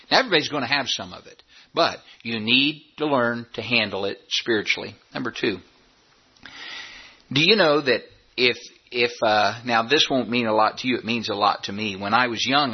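Older preacher man, husky voice, folksy and joking, dull lo-fi recording. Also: mid-range voice. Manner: folksy, conversational preaching with asides and humor. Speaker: pastor. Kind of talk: sermon. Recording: dull lo-fi sound.

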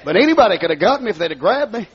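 A man with a rural Southern accent preaching his testimony in a large hall, dropping low to tell his story and rising to shout. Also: sing-song, very fast, slightly rough. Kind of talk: fiery revival sermon. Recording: dull lo-fi recording.

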